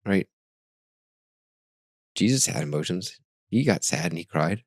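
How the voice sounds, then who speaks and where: A deep-voiced man in his forties talks through his thoughts on a podcast. His delivery is relaxed and searching, with hesitant restarts and sentences that trail off. The sound is dry and close. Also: measured pace, dry recording. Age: 40s. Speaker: podcast host. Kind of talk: casual reflective podcast chat.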